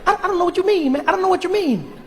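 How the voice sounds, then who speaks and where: A man voicing an excitable young man who talks in a rushed, breathless way and keeps saying "man.". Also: extremely high pitch, in a large hall, a faint crowd, slight background noise, pitched above the performer's own voice. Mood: flustered. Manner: rushed, repeats "man" constantly. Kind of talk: stand-up character voice.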